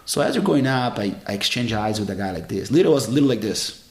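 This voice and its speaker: A man in his forties tells stories from his fighting life in a fairly low voice, earnest and expressive. His English has non-native phrasing. The room is roomy and echoey. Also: quick pace. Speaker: jiu-jitsu champion and guest. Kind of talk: casual storytelling interview. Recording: roomy echo.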